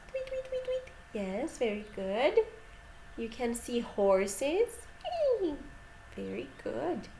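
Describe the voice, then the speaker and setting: Brief: young woman who teaches kids, sing-song and lively, faint ambience behind. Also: fairly high pitch, slight background noise. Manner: sing-song, animated, makes animal sounds. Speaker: children's English teacher. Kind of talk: lively lesson for young children. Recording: echoey room with faint ambience.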